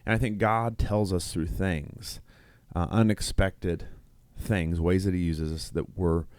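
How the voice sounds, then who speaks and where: A man's voice: sits low, steady tone, a little slow, darkish tone, clear, resonant tone, dry recording. A middle-aged man, a nurse who co-hosts a podcast, telling a long story in casual chat, rambling with restarts and quoted dialogue. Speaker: podcast co-host.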